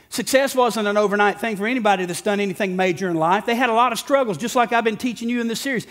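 A middle-aged man with a very high-pitched voice preaches to his congregation in a church. His delivery is folksy and joking, and he bursts into shouts to drive a point home. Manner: folksy and humorous, rising to shouts for emphasis. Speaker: pastor. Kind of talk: sermon. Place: church sanctuary before a congregation.

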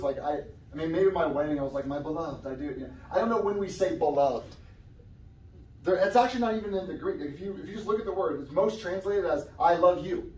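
A young man preaches in an easygoing, conversational way, now and then breaking into loud outbursts. His voice sits a little high. The sound is roomy and echoey, picked up from some distance in a church. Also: a little hiss or hum. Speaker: guest preacher. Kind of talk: sermon. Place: church sanctuary. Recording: echoey church room, somewhat far from the mic.

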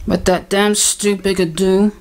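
A video maker with a medium-pitched, level voice rambles unhurriedly in a casual vlog while fiddling with her camera and gear. She grumbles and mutters, mocking herself as she goes.

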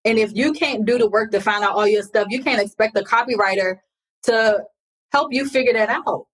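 A woman's voice: a little high, normal speed, slightly rough, low-quality recording. A woman hosting a business podcast, who speaks firmly and emphatically and jumps in to make her point. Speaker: podcast host and business coach. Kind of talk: casual podcast conversation.

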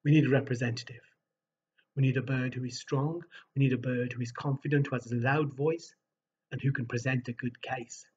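A man telling a folk tale to families, animated and asking his listeners questions. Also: mid-range voice, fairly quick, husky, lo-fi sound. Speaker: storyteller. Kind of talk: live oral storytelling for families.

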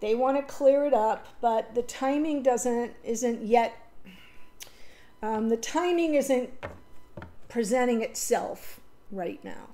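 A woman's voice: on the high side, takes it slowly, pauses often, mellow. A woman giving a casual spoken tarot reading, emotional and rambling, with fillers and self-corrections. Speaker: tarot reader.

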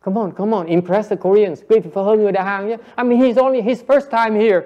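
A man with a high voice teaches a Dharma class. He jokes, coaxes answers from the room and laughs often, mixing English and Vietnamese as he explains. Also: steady tone, fast talker, a little mellow, dull audio. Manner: playful, coaxing the audience, switching between English and Vietnamese; frequent laughter and repeated "yes, yes". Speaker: Buddhist teacher.

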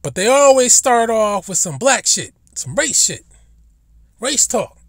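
A man's voice: very high voice, very animated, a little slow, creaky, a bit bright, no echo, studio quality. A man ranting bluntly and profanely in a casual vlog monologue, recorded in a car. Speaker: vlogger.

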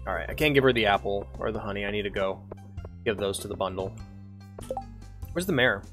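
A man's voice: fairly low pitch, a little fast, fairly bright tone, soft background music. A man streaming a farming game, chatting casually, humming to himself, reading lines aloud and swearing freely. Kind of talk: casual gameplay commentary.

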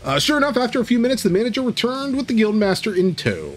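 A man's voice: very high-pitched, sing-song, fast, soft background music. A man streaming and game-mastering, reading an AI-written tabletop story live and breaking off to react to it.

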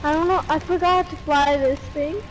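A woman's voice: high voice, steady tone, normal speed, slight background noise, poor audio. A woman chatting casually while playing a video game with a friend, easygoing and plain. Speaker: fellow player. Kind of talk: casual gaming chat.

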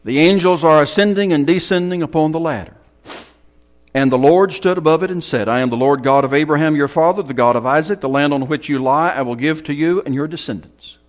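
A man pastor preaching a sermon in a church hall, with a fairly high voice. He swings from loud bursts to hushed whispers. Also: a little fast.

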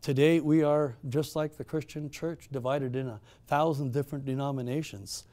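A middle-aged man moderating a town hall speaks at a moderate pace in a mellow, mid-range voice with fairly even intonation. He tells a story to the live audience, using emphatic rhetorical questions and often restarting.

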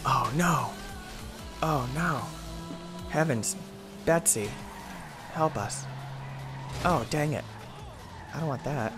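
A man's voice: a little high, slow, long pauses, over music. A young man telling a rambling story in a laid-back, casual way, full of "like" and "uh", while playing a game. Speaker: gaming video host. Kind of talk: casual gameplay commentary and storytime.

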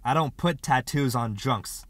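Brief: a male reader playing a thin, bald, superior tattoo artist, measured and cool, dry close sound. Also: medium pitch, dry recording, close to an everyday voice. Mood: disdainful.

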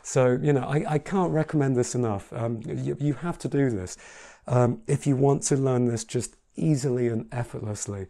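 Chatty male piano teacher, mellow voice. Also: mid-range voice, moderate pace. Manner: chatty, reassuring, demonstrates at the keyboard while talking. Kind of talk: casual piano tutorial. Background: piano playing.

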